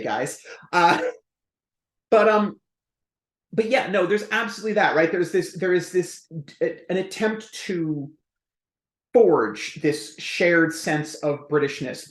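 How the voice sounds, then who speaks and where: A man speaking as a historian guest on an interview podcast, explaining in a lively, quick way with jokey asides. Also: fairly high pitch, echoey room.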